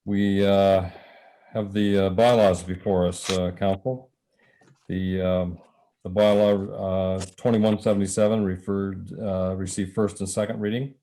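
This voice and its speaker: A Canadian man chairs a council meeting in a deep, flat, mellow voice. He speaks haltingly, full of fillers, and his voice is going. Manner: halting, many filler pauses. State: losing his voice.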